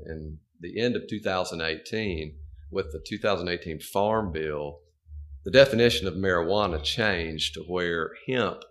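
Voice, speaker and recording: Deep-voiced middle-aged man, podcast guest expert, measured and explanatory. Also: fairly bright tone.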